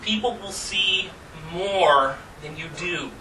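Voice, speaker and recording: A man with a high, pushed and bright voice takes his time as he talks casually to an audience in a room about performing magic, laughing along at his own stories. He was recorded on a distant mic, with background noise present.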